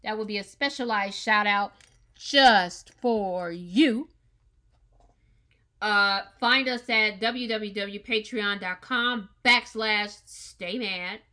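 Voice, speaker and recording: Bright-voiced, emphatic woman host. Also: medium pitch, takes it slowly. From United States. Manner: earnest and emphatic, with repeated words. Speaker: podcast host. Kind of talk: opinion monologue podcast.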